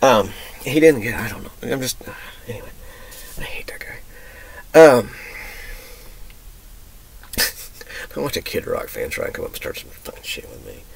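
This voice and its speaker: A man from Texas talking through his memories in a rambling personal monologue, emotional and profane, drifting from loud outbursts into whispers. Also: medium pitch, huge pitch swings, unhurried, gravelly, long pauses, breathy edge, rough recording. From Texas, USA. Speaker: vlogger.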